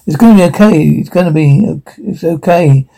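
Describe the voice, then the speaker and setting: A man's voice: on the high side, normal speed, gravelly, dark tone, rough recording. A man voicing a frantic, controlling middle-aged mother who barks urgent orders. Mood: frantic, commanding. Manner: urgent, bossy, panicky.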